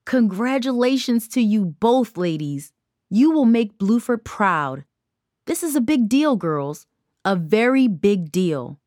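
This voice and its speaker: A woman's voice: on the high side, sing-song, slow, a little mellow, no echo, studio quality, pitched above the performer's own voice. A woman voicing a firm female school counselor giving instructions in a storybook reading. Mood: proud. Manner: stern, instructing.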